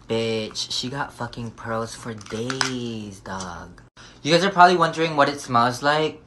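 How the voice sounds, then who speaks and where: A man's voice: mid-range voice, wildly swooping pitch, slow, bright, forceful tone, slight background noise. A young man vlogging casually, sassy and profane, with dramatic shrieks and gasps. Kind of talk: casual vlog chat.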